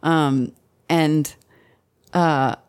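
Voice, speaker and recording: A woman's voice: sits low, fairly even intonation, extremely slow, darkish tone, clear, resonant tone. A woman co-hosting a podcast, chatting casually and rambling with lots of fillers and giggles. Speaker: podcast co-host. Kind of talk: casual chat.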